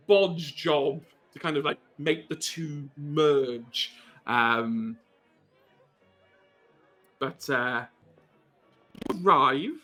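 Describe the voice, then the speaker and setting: A man's voice: on the high side, bright, forceful tone. A man narrating a tabletop horror game as game master, rambling with many ums and wry asides.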